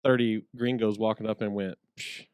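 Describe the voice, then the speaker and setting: A podcast co-host makes quick, wry asides in a low voice. The room sounds dry. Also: male voice, no echo. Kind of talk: casual podcast conversation.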